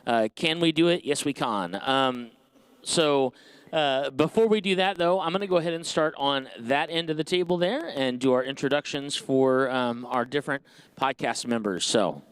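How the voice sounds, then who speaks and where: A man's voice: mid-range voice, moderate pace, smooth, no room sound. A man from Indianapolis hosting a podcast panel on a convention stage, rambling and filling his talk with hesitations. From Indianapolis, USA. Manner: rambling, heavy with fillers. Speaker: podcast host.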